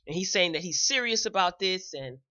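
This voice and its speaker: A woman's voice: on the low side, expressive, brisk, bright, forceful tone, lo-fi sound. A woman hosting a show, giving a chatty, opinionated recap in a casual, blunt way. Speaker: show host reviewing a celebrity video.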